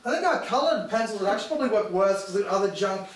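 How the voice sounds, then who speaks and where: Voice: mid-range voice, expressive, racing. A presenter giving a casual hands-on demonstration to a group, thinking aloud in an offhand, chatty way. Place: echoey room with a group. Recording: echoey room, distant mic, background noise.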